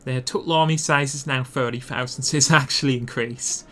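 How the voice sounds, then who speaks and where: A man talks through a strategy game guide in a mid-range voice, explaining tactics step by step. He thinks aloud and restarts words when he corrects himself. Soft music plays faintly behind him. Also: mid-range voice, fairly even intonation, a little fast. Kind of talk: instructional gameplay commentary.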